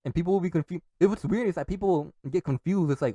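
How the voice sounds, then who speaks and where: A man's voice: high voice, quick pace, warm tone, husky, no echo, muffled recording. A young man hosting a podcast alone, talking in a casual, rambling way, swearing a lot and laughing often. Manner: profane, laughs often, restarts and trails off. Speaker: podcast host.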